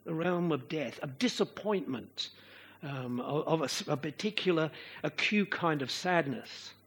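A man preaching a sermon to a congregation, slow and expressive, sometimes chanting out the rhythms of verse. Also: a little high, breathy edge.

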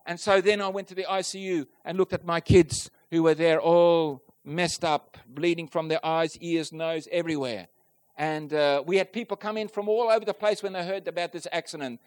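A man preaching a personal testimony to a congregation, earnest and emotional, swelling loud on key points and asking the listeners direct questions. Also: on the high side, steady tone, normal speed, smooth. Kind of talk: sermon testimony.

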